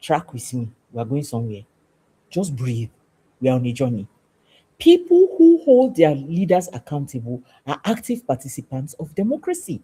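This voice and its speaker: A woman's voice: sits low, huge pitch swings, normal speed, dark tone, husky. A woman, hosting a show and giving an emphatic, preachy talk that repeats phrases for stress. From Nigeria. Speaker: podcast host. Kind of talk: passionate civic talk to camera.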